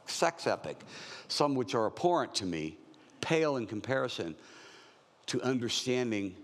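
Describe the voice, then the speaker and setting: A man's voice: mid-range voice, big-room sound. A man in his sixties preaching a verse-by-verse sermon in a conversational, joking way. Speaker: pastor.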